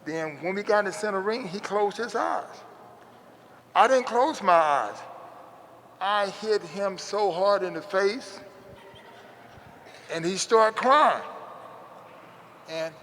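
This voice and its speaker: High-voiced man telling a folksy story. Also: animated, slow pace, long pauses, a bit bright, long reverb tail, slight background noise. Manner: folksy, repetitive retelling with frequent restarts. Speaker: interview guest. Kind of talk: casual storytelling.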